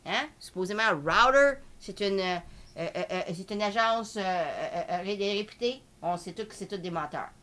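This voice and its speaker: A woman from Canada with a Quebec French accent, hosting a live market commentary in an excitable way and peppering her talk with filler tags. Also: medium pitch, moderate pace. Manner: excitable, switches between French and English, full of filler tags. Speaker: host.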